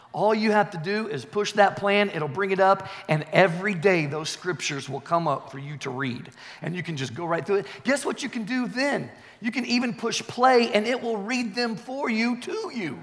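A man's voice: high voice, lively intonation, normal speed, fairly bright tone. A male pastor preaching a sermon with emphatic repetition, calling out to the congregation. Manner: emphatic, repeats key phrases, calls for congregation response. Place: church sanctuary. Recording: long reverb of a large hall.

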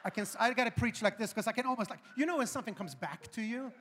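A high-voiced man preaching with humor, animated and punching his lines loudly at the peaks. His voice carries through a large church hall with a long reverb tail. Faint music sits underneath. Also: fast talker. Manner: animated, humorous, building to loud emphasis. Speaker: pastor. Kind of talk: storytelling sermon.

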